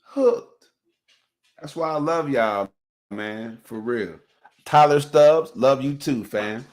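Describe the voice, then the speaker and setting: A man hosting a relationship podcast in casual chat, emphatic and swinging from soft, emotional talk to loud hype calls. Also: medium pitch, takes it slowly. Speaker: podcast host.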